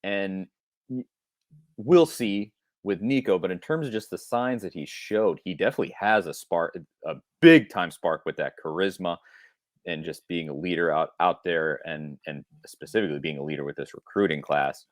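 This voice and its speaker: A man's voice: sits low, moderate pace, dry recording, clean studio sound. A man co-hosting a sports podcast, talking casually and thinking aloud with frequent restarts. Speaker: podcast co-host.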